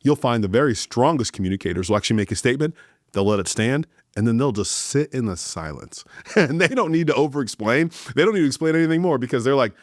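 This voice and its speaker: A man hosting a leadership talk, speaking deliberately and emphatically and slowing down for key points. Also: mid-range voice, expressive, no echo, studio quality. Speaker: host.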